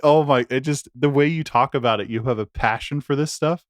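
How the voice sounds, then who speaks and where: A man's voice: medium pitch, brisk, no room sound, clean studio sound. A young man co-hosting a podcast, telling stories in a rambling, laughing, casual chat. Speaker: podcast co-host.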